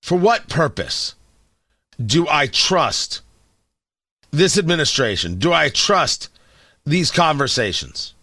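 A man's voice: on the high side, very animated, takes it slowly, pauses often, sharp tone, no room sound, clean studio sound. A man hosting an opinion commentary monologue, sardonic and opinionated, firing off emphatic rhetorical questions. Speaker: commentary show host.

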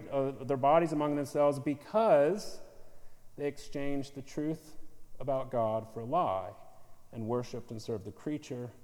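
A man preaching a sermon, earnest and building to emphatic peaks, with quick self-correcting asides. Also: mid-range voice, dark tone. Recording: long hall reverb.

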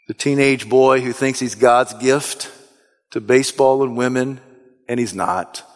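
A man preaching a sermon as pastor, swinging from soft, low asides to shouted, rising appeals. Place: church sanctuary. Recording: long reverb of a large hall.

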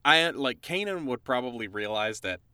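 A man's voice: medium pitch, lively intonation, normal speed, sharp tone, clear, resonant tone, no room sound. A man playing in a tabletop role-playing game, talking casually with hesitant restarts. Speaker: player.

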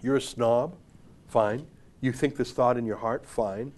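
A man's voice: medium pitch, a little slow, a little mellow. A man hosting a commentary show, giving opinionated political commentary in a sarcastic, emphatic, mocking way.

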